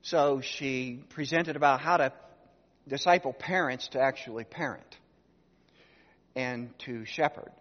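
A pastor in his sixties preaches, recounting a family story and posing rhetorical questions to the congregation. He speaks at medium pitch with a measured pace and frequent pauses, recorded with a dull sound and long hall reverb.

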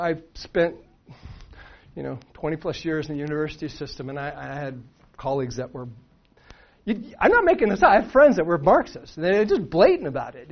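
A middle-aged man preaching a sermon in a conversational way, full of restarts and rhetorical questions. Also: a little high. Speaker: pastor. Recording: dull lo-fi sound.

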